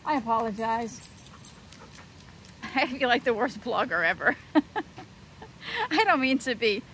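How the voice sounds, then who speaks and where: A woman's voice: fairly high pitch, animated, measured pace, a bit bright. A woman in her thirties filming a casual vlog outdoors on a windy day, chatting in a scattered way and hopping from topic to topic. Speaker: vlogger, homeschooling mom.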